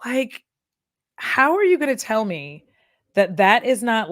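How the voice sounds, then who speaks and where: Blunt, animated woman chatting casually. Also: medium pitch, moderate pace, dry recording, clean studio sound. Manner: animated, blunt, swears freely, laughs often. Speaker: beauty content creator turned chat vlogger. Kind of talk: casual chat vlog while doing makeup.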